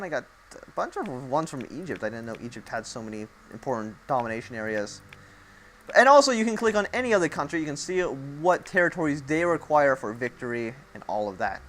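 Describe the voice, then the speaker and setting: A man's voice: a little high, sharp tone. Rambling young man narrating a strategy game. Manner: rambling, thinks aloud, self-mocking asides. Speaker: gameplay commentator. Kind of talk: casual game walkthrough commentary.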